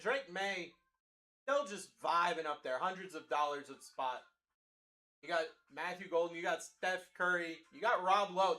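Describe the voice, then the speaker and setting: A man hosts a live card-break stream with a high, bright voice. He keeps up a fast, hyped sales patter and talks straight to chat as he calls out players. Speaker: card break livestream host.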